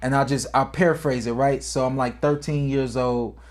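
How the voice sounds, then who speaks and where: A man co-hosting a podcast, telling a personal boxing story in a casual way, acting out quotes, his voice climbing high when the story gets emotional. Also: fairly even intonation, moderate pace. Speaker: podcast co-host and former boxer.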